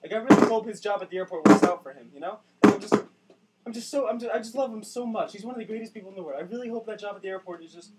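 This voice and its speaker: A man's voice: high-pitched, racing, distant mic, very noisy, lightly acted. A young man doing a gushing, doting wife. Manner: gushing, rambling.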